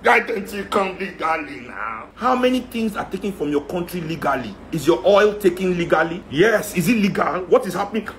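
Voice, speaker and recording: A man's voice: sits high, expressive, fairly quick, few pauses, slight background noise. A man with a Nigerian accent giving an impassioned rant, firing off rhetorical questions. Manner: heated, rhetorical, repeating questions. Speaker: speaker in a talk.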